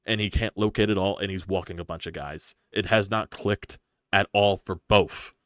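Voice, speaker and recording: A man hosting a live sports stream, ranting in frustration with rapid-fire rhetorical questions and profanity. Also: low-pitched, steady tone, smooth, dry recording, clean studio sound. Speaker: sports channel host.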